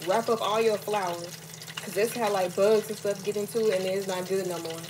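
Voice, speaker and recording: In a casual late-night cooking vlog shot on a phone camera, a woman speaks to her viewers in a steady, mid-range voice at a moderate pace as she cooks in her home kitchen. Sizzling oil and a running tap can be heard, and the frying is loud on the audio.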